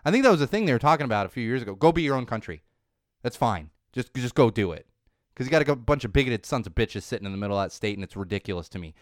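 Racing along in a medium-pitched voice, this podcast host in his thirties is captured in a dry, studio-quality recording. He rants through a casual chat in an animated, profane, opinionated style with many fillers and restarts, and his voice is going a little as he gets sick with a cold.

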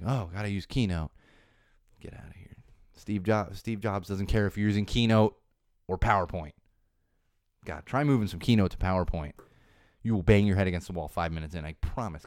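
A man in his thirties from the Chicago area rambles through a casual podcast monologue, quick and sarcastic. His voice is low-set and smooth. It is recorded close and dry, with no room sound. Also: darkish tone, dry recording. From Chicago area, USA. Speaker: podcast host. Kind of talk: casual solo podcast chat.

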